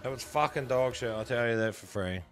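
Over soft background music, a young gambling streamer with a New Zealand accent plays slots live and responds to his chat, joking around and cursing a lot. He speaks fairly quickly at medium pitch, with a slightly bright tone.

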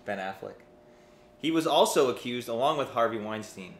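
A man's voice: mid-range voice, animated, normal speed. A man co-hosting a casual beer review livestream, joking and rambling off topic. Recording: roomy room with faint noise.

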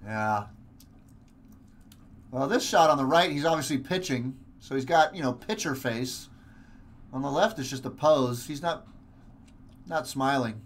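A man's voice: medium pitch, measured pace, long pauses. A man hosting a live card-break stream, giving chatty, upbeat commentary as he opens packs. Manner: chatty, upbeat, many fillers.

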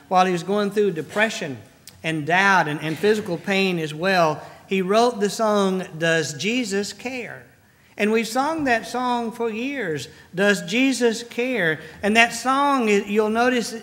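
A male pastor delivering a sermon in a slow, earnest manner, repeating key phrases for emphasis. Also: sits high, pushed and bright, long reverb tail. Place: large church sanctuary.

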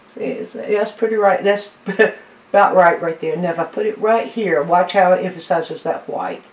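A woman's voice: mid-range voice, a little mellow, far from the mic. A woman art teacher giving a live painting demonstration, explaining each step unhurriedly as she mixes paint. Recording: echoey room, voice off-mic.

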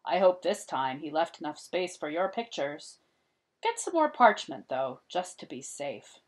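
A woman reading the part of a prosperous medieval bookseller, smooth and coaxing in a storybook read-aloud. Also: sits low, very animated, unhurried. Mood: businesslike.

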